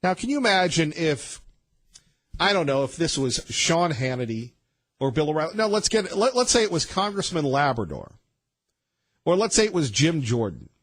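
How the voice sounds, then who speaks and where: A man's voice: on the high side, big pitch swings, normal speed, a bit bright, no echo. A male talk radio host in a studio, delivering an emphatic, rambling monologue with many restarts.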